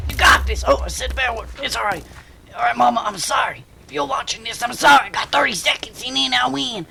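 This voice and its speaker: High, lively, yelling young-sounding gamer guy. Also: fairly quick, gravelly, a little hiss or hum. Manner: excitable, shrieks and yells during tense moments. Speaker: gaming channel host. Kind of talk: gameplay commentary.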